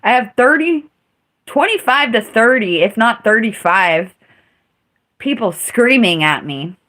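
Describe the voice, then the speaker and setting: A woman's voice: fairly high pitch, lively intonation, measured pace, bright, forceful tone. A woman live streaming, telling a story in a casual, blunt and profane way.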